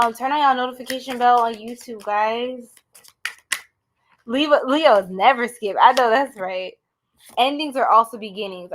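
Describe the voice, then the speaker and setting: Woman tarot reader, live stream, casual and blunt, greets chat, middle pitch. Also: fairly bright tone, slight background noise. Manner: chatty, greets viewers, slangy and blunt.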